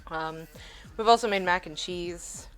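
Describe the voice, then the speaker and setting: A woman's voice: lowish voice, unhurried, faint music behind. A woman streaming from her home kitchen, chatting casually as she cooks, swearing freely and laughing often. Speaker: cooking streamer. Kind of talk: casual live-stream chat while cooking.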